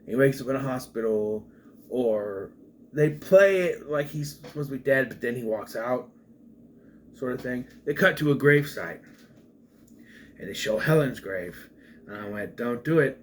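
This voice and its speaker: A man's voice: medium pitch, unhurried, long pauses, slight background noise. A man giving a casual, rambling spoken film review, with frequent restarts and asides. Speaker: movie reviewer.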